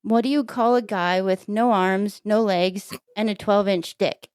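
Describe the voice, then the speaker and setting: A woman co-hosting a comedy podcast who tells crude jokes with deadpan delivery and playful banter. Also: mid-range voice, a little slow, clean tone, dry recording, clean studio sound. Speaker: podcast co-host telling jokes.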